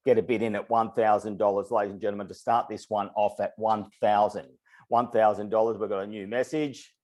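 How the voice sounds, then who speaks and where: A man calling bids at an online charity auction in a steady, repeating auctioneer's patter, slightly out of breath. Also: fairly low pitch, fairly quick. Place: online webinar.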